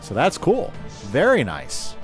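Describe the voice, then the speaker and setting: A man's voice: medium pitch, wildly swooping pitch, takes it slowly, soft background music. A man casually chatting with his live chat while playing a game, reading comments aloud and talking through his moves. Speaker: gaming livestreamer.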